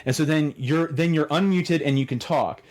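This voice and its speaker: A man's voice: a little high, normal speed. Rambling man hosting a podcast. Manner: rambling, animated storyteller who acts out quotes. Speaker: podcast host. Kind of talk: casual chat.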